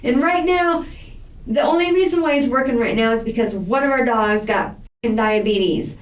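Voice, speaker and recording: A woman's voice: fairly high pitch, moderate pace, far from the mic. Woman venting in a police interview. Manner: rambling, defensive venting. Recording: echoey room, voice from afar.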